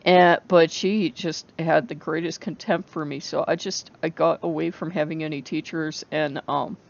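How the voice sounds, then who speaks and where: A person talks candidly to camera, rambling and often breaking off mid-thought with a laugh. The voice is gravelly and sits mid-range. The recording is dull and lo-fi. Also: mid-range voice, steady tone, normal speed. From United States. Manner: candid and emotional. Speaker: book vlogger. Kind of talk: casual talk to camera.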